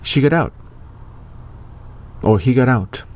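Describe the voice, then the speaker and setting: A man's voice: mid-range voice, lively intonation, slow, a little mellow. A middle-aged man hosting his own show, talking in a loose, rambling monologue full of fillers and restarts. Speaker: online show host. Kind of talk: casual spoken monologue.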